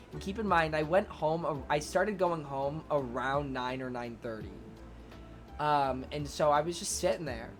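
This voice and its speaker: The voice is a little high and fairly bright: a young man streaming and casually spinning a long story for his live chat. He rambles, fills each phrase with "like," curses a lot and interrupts himself to thank viewers.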